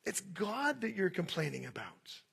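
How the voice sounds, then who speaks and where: A man pastor preaching a sermon in an animated way, acting out the voices of complainers. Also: sits high, measured pace, creaky, husky.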